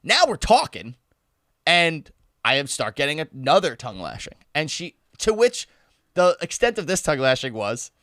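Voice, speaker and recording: A man tells a comic story on a live podcast, his voice sitting a little high and swinging up and down. He talks in an animated way, laughs between lines and swears freely. The sound is dry and close, with no room echo. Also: normal speed. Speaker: podcast host.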